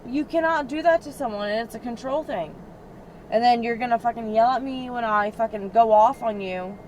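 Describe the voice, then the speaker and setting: A woman's voice: on the high side, a little fast, darkish tone, dull audio. A woman in her twenties, a rideshare passenger, venting in a heated, profane, filler-heavy way during a casual chat inside a car. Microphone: in-car cabin camera. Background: faint vehicle road noise.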